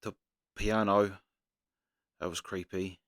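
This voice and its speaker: A man hosting a reaction video, talking casually and loosely. His lowish voice has a bright, forceful edge. He wanders between thoughts, restarting sentences and reaching for words. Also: fairly even intonation, takes it slowly. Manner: rambling, searching for words, frequent fillers. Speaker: reaction channel host.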